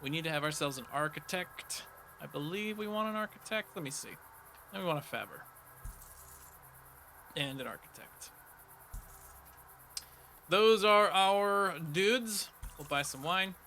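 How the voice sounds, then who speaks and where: Bright, high-voiced male game streamer. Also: unhurried, pauses often, faint music behind. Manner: excitable, breaks into laughter and shouts. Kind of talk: casual gameplay commentary.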